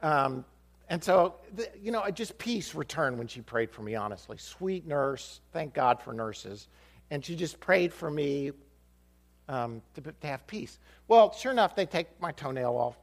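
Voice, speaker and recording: Pastor, male, lively storytelling sermon, fairly high voice, swings widely in pitch. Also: measured pace. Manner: animated, acts out dialogue with shifting voices.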